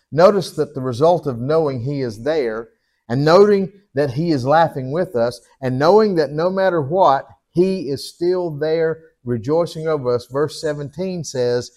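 A man preaching in a folksy, animated way, laughing at himself and calling for amens. His voice sits a little high for a man. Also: a little slow. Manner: folksy, animated preaching with chuckles and call-and-response. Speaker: pastor. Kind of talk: sermon.

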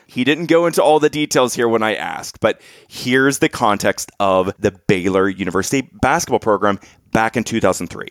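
A man's voice: lowish voice, no room sound, studio quality. A man co-hosting a podcast, earnestly laying out background for listeners in casual chat. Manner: earnest, explains background at length. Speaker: podcast co-host.

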